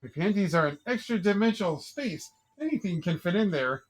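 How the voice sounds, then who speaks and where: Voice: medium pitch, lively intonation, a little fast, close to an everyday voice. A streamer voicing a cheerful teenage girl magician from a game, with bubbly, teasing, sing-song lines, read aloud on a live stream. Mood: playful.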